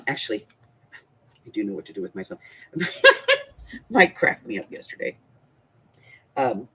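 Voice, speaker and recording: A woman's voice: extremely low pitch, fairly bright tone, slightly rough. A woman hosting a crafting channel, chatting casually and rambling, with frequent restarts and laughter. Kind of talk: casual chat.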